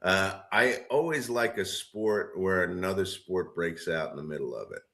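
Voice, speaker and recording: A man's voice: low-pitched, moderate pace, creaky, a bit bright. A man co-hosting a podcast, talking in an easygoing way and laughing along in casual chat. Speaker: podcast co-host.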